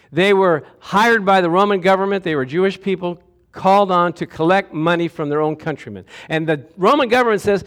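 High-voiced man preaching an animated sermon. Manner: animated, calls out to the congregation for responses. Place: church sanctuary with a congregation.

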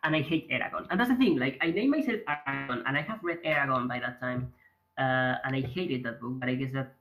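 A man's voice: medium pitch, quick pace, over music, rough recording. A Spanish man with a strong Spanish accent, guest on a podcast, chatting in a rambling, profane, self-mocking way. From Spain. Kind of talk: casual chat. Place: home room.

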